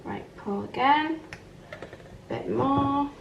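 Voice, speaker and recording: A young woman vlogging at home in a chatty, excitable way, then giving a calm advice chat. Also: high voice, very slow, creaky, highs cut off, slight background noise. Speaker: lifestyle vlogger. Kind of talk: casual vlog narration. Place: cosy home living room.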